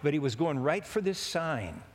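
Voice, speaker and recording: Folksy preacher guy, kinda high voice, rambling jokey story, big hall echo. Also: sing-song, moderate pace. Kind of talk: sermon with a told anecdote. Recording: long hall reverb.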